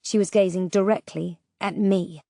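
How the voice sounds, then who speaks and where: A woman reading a first-person audiobook in scripted narration, steady and even. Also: medium pitch, normal speed, gravelly, dry recording, studio quality.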